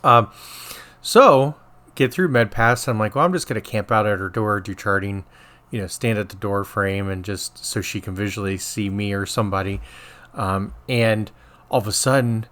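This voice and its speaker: A middle-aged man, a podcast co-host and former nurse, telling a work story in casual chat, rambling with restarts and animated quoting. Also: mid-range voice, normal speed.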